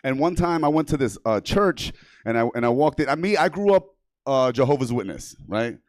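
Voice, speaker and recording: A male stand-up comic working a small room, crude and quick to laugh at his own lines. His voice sits at an everyday pitch, and the sound is dry and close. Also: lively intonation, a little mellow, no echo. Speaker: stand-up comedian. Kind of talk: stand-up comedy. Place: small comedy theater stage.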